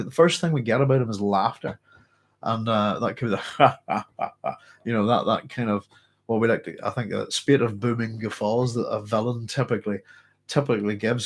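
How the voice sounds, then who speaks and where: A man hosting a casual book club, congested and a little muffled, chatting and rambling with many restarts. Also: medium pitch. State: congested, blocked-up nose. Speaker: book club host and teacher. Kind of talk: casual book discussion with reading aloud.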